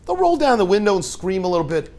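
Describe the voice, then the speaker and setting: A rabbi teaching his students through a lively story, acting out the scenes and dropping in joking asides. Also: sits high, fast talker. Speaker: rabbi and yeshiva head.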